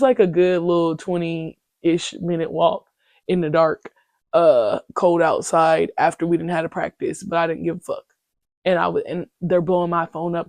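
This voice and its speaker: Venting on her podcast, a woman in her twenties tells a story with lots of slang and swearing, her delivery animated and casual. She has a lowish voice, recorded without echo.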